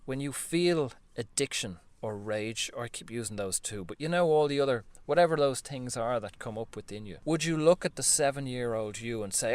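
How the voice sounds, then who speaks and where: A man talking earnestly in a reflective spiritual monologue, gently coaching the listener and laughing softly now and then. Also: medium pitch, normal speed. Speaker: spiritual vlogger.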